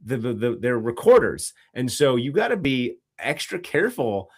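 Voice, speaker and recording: A man's voice: mid-range voice, very animated, moderate pace, breathy edge. Man, podcast co-host, casual chat, teasing, laughs a lot, easygoing.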